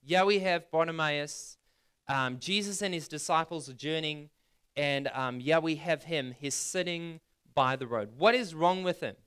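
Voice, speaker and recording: A man preaching a sermon in a bright, crisp voice that sits a little higher than most men's. He talks conversationally, asking questions of his listeners and putting scripture into everyday words. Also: measured pace. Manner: reads scripture aloud and retells it in plain words. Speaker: pastor.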